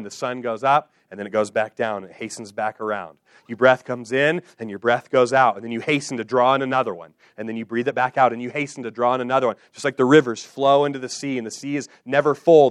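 A male pastor preaching a sermon, speaking directly to his listeners with questions and slowing down to repeat key phrases with emphasis. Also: medium pitch, no room sound, studio quality. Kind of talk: expository sermon.

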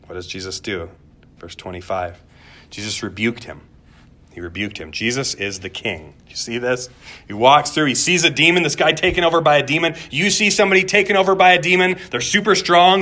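A man's voice: fairly high pitch, sharp tone. A pastor preaching a sermon in a conversational way, repeating words as he goes and asking the room questions.

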